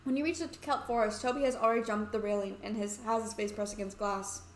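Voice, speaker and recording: A woman's voice: mid-range voice, steady tone, fast, slight background noise. A young woman narrating a story game aloud, with wry, sarcastic asides. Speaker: let's play host. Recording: roomy echoey room.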